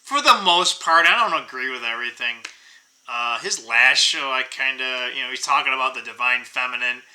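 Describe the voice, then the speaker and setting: A man's voice: mid-range voice, moderate pace, pushed and bright, poor audio. A middle-aged man hosting his own channel, talking in a rambling, profane, casual rant full of fillers. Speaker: channel host.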